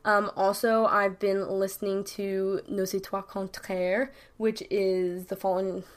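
A woman's voice: medium pitch, level tone, a little slow. A young adult woman from New York with a New York accent, chatting casually to camera with rambling, slang-heavy talk full of "like" and "literally". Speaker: YouTuber.

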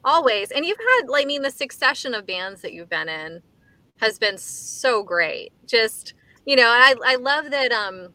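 A woman's voice: fairly high pitch, big pitch swings, moderate pace, pushed and bright, dry recording. A woman interviewing a musician, eager and full of praise, often saying "like" and "so great.". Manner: enthusiastic, fillers like "like" and "so great". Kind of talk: casual interview.

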